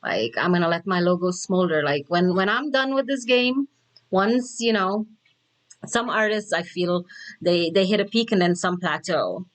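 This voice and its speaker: A woman's voice: mid-range voice, animated, measured pace. A woman hosting a music reaction video, chatting casually, giggling and paraphrasing the lyrics with restarts. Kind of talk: casual commentary.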